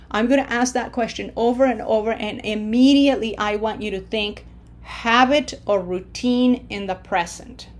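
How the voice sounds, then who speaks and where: A woman with a slightly high voice teaches a recorded Spanish lesson, patient and encouraging. She drills slowly and repetitively, modeling words for learners to repeat and checking in with frequent okays.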